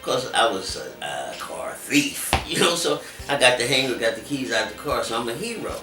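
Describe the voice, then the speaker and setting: A man telling his life story in an interview, animated and acting out other people's voices as he talks. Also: medium pitch, moderate pace. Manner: animated, acts out voices in quotes. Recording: echoey room, distant mic, music behind.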